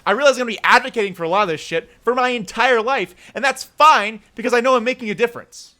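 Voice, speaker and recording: A man's voice: extremely high pitch, fast talker, sharp tone. A man in his twenties ranting about politics, heated and swearing, sometimes dropping into a weary plea. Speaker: streamer. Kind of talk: political rant.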